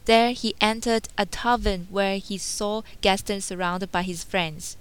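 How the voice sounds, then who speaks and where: Slow, clear woman reading a storybook. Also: mid-range voice, fairly even intonation. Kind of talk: storybook read-aloud.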